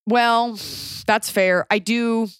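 A woman's voice: a little high, steady tone, slow, clean tone, no echo. A woman with a Texan accent, co-hosting a podcast in a rambling, chatty way with lots of fillers. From Texas. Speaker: podcast co-host. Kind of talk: casual podcast chat.

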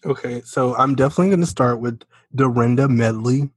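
A man's voice: mid-range voice, brisk, husky, no echo. A man co-hosting a podcast, laid-back, swearing casually and laughing often. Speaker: podcast co-host. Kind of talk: casual chat.

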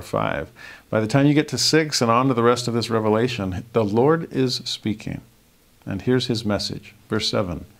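Gravelly-voiced man teaching scripture. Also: mid-range voice. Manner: earnest, quotes scripture slowly and softly. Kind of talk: scripture lesson.

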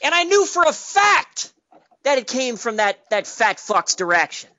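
A man rants into a sports radio call, combative and profane, circling back to the same jabs again and again. His voice sits high and sharp. The audio comes through dull and lo-fi. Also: big pitch swings, measured pace. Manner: profane, combative, repetitive ranting. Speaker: caller. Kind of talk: angry sports radio rant.

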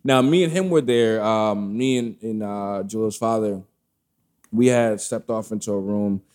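A man casually telling a personal story, candid and animated, acting out the dialogue. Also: on the low side, a little slow. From Brooklyn, New York family roots.

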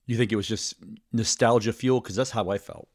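A man's voice: fairly low pitch, steady tone, brisk, no room sound, studio quality. A man hosting a podcast, chatting casually with a playful, jokey manner. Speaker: podcast host. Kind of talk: casual chat.

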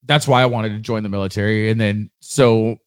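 A man's voice: on the low side, fairly even intonation, a little fast, clean tone, no echo, clean studio sound. A middle-aged man from the United States co-hosting a podcast, chatting casually in a blunt, wry and profane way. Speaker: podcast co-host. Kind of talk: casual chat.

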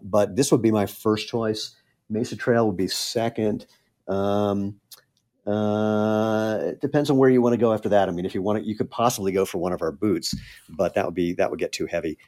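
A man's voice: lowish voice, moderate pace, darkish tone. A middle-aged man, a shoe company founder, talking candidly and earnestly as a guest on a podcast interview. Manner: candid, earnest, gets choked up.

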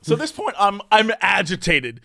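This man's high voice has some vocal fry and moves at a moderate pace as he recounts a long story casually. He laughs a lot and mimics the people in it, captured in echo-free, studio-quality sound.

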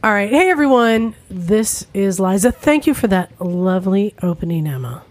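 A woman hosts a podcast and keeps things moving. She chats casually and teases her co-hosts, with an even, middle pitch. She is recorded in a garage studio. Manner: teasing, brisk, runs the introductions. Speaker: podcast host. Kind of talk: casual chat.

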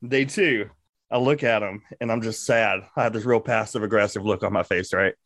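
A man co-hosting a podcast, telling a crude, animated comic story full of profanity. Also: lowish voice, fairly quick, dry recording, clean studio sound. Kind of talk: casual comedic storytelling.

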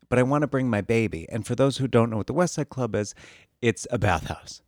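A man's voice: medium pitch, lively intonation, brisk, no room sound, studio quality. A man chatting on a comedy podcast, incredulous and exasperated, stammering and acting out other people's voices.

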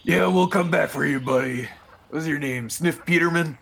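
A man playing a tabletop game in character, using a gravelly voice with dry sarcasm. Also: fairly high pitch, moderate pace, a bit bright. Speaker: player.

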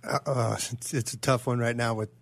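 A man's voice: mid-range voice, fairly even intonation, a little fast, dry recording. A man co-hosting a podcast, asking long, hesitant questions with many restarts. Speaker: co-host. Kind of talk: casual interview chat.

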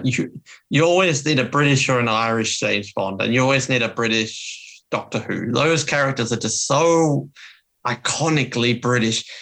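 Gravelly, bright Australian man ranting. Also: mid-range voice. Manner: ranting, opinionated, swears. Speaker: podcast co-host. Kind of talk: casual chat.

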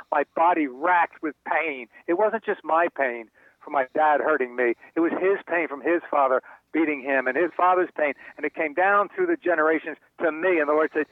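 Older male author guest, earnest storyteller, slightly high voice, phone-line sound. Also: normal speed, no room sound. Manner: heartfelt, repeats words when moved. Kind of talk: earnest personal storytelling in a radio interview.

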